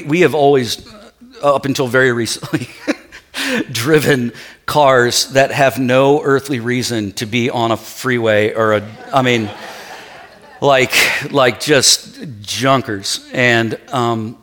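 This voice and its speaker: Man preaching a sermon with lively storytelling. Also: medium pitch. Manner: animated storytelling with acted-out quotes, then quieter preaching. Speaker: pastor. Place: church.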